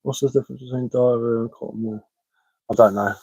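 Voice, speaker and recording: A man's voice: medium pitch, steady tone, brisk, warm tone, dry recording. A man chatting casually on a live stream from his living room, telling dad jokes and chuckling at them.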